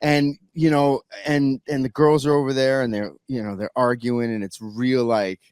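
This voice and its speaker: A man's voice: mid-range voice, little pitch movement, moderate pace, a little mellow, clear, resonant tone, no room sound, studio quality. A man telling a backstage story in casual podcast chat, rambling with many restarts and fillers. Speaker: guest musician.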